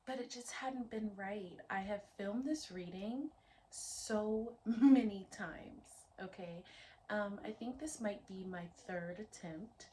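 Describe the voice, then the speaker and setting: A young adult woman guides a spiritual tarot reading in a dreamy, emotional voice that keeps sinking into soft whispers. She takes her time, drawing out each word slowly. A faint hiss of ambient noise sits under her voice. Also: medium pitch. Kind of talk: soft-spoken spiritual channel talk.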